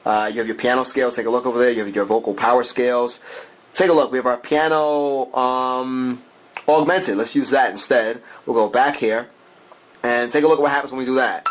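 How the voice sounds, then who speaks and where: A man's voice: medium pitch, fairly even intonation, fairly quick. A man doing a chatty, enthusiastic walkthrough of a music app, with fillers and frequent asides to the viewer. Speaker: app reviewer.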